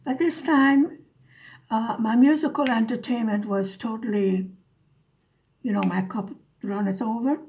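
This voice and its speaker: A woman vlogger with a slightly high, darkish voice tells a story at a measured pace, dry and sarcastic, chatting casually while she works on diamond painting.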